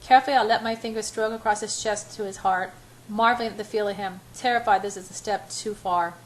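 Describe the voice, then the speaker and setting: A woman's voice: mid-range voice, steady tone, fairly quick, slight background noise, low-quality recording. A woman reading a first-person romance novel aloud in a breathless, emotional way. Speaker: audiobook reader.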